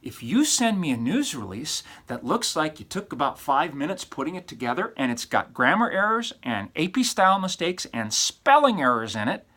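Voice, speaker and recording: A man, a college professor, giving recorded feedback to his students in an over-animated, teasing way, throwing in rhetorical questions and silly exaggerated voices. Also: fairly high pitch, moderate pace, hardly any pauses.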